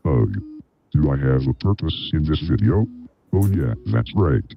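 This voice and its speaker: A man's voice: very deep voice, lively intonation, measured pace, exaggerated voice. A text-to-speech voice playing a flustered man worried about losing his job. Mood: exasperated. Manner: jumpy, exasperated. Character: flustered male synth voice fearing job loss. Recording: dull lo-fi audio.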